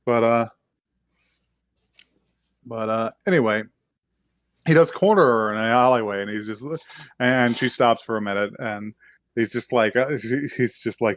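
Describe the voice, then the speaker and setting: A man of middling pitch recaps an anime episode for his podcast, with rambling and frequent laughter. He jumps into the characters' lines as he goes. His voice sounds close and dry, with no room echo. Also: unhurried, pauses often. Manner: rambling, laughing, acts out quotes. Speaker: podcast co-host. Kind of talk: casual anime recap chat.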